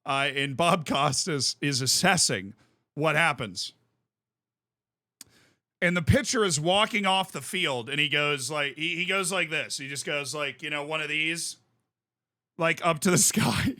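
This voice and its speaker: Bright-voiced, animated male streamer. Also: on the high side, measured pace, no room sound, clean studio sound. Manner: animated storyteller who laughs often. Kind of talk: casual chat on a live stream.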